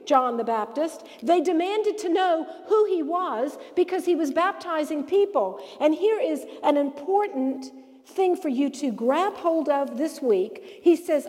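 A woman with a high, bright-toned voice leads a Bible study lesson. She tells the story in an animated, emphatic way, her voice jumping up to stress each point. A long reverb trails her words, as if she were in a large hall. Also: measured pace.

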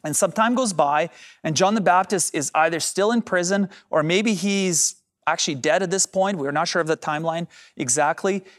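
A man's voice: a little high, normal speed, fairly bright tone. A man preaching a sermon as pastor, addressing the congregation directly and drawing out key phrases for emphasis.

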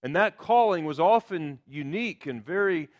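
A man's voice: a little high, animated, moderate pace. A man preaching a sermon, explaining scripture with emphatic quotations. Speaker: pastor.

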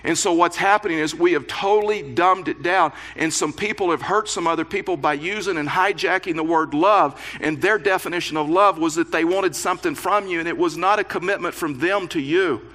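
Male pastor, sermon delivery, bright and forceful tone, slightly high voice, earnest with playful asides. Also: brisk, hardly any pauses. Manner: earnest preaching with playful asides, rising emphasis and repetitions.

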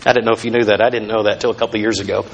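A man's voice: lowish voice, flat delivery, rapid-fire, slight background noise. A male pastor preaching a sermon in a conversational, storytelling way, with asides to the congregation.

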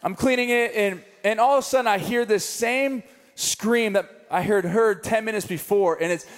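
A young man preaching a sermon, telling a story with animated comic asides. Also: very high-pitched, brisk. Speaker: pastor. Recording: long reverb of a large hall.

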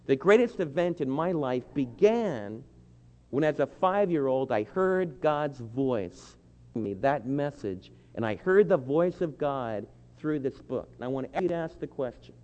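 A man preaching a sermon, earnest and pleading, slowing down to lean on key phrases. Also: mid-range voice, animated, a little mellow. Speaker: pastor. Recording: dull lo-fi with long hall reverb.

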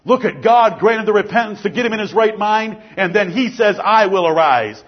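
Preacher, male, high husky voice, fervent and emphatic, sermon delivery. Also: fairly quick, lo-fi sound.

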